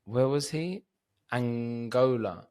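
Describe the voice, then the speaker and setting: With a clean, slightly mellow tone at medium pitch, he speaks slowly. He is a Cypriot comedian on a casual podcast, drunk and sleepy, rambling along and using profanity freely.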